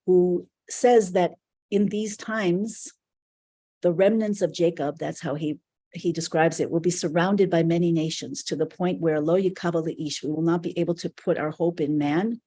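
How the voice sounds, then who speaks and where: A woman with a mellow, husky voice leads a live online spiritual class. She talks earnestly and reflectively, in loose, flowing phrases. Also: lowish voice, fairly even intonation, unhurried. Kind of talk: live online teaching session.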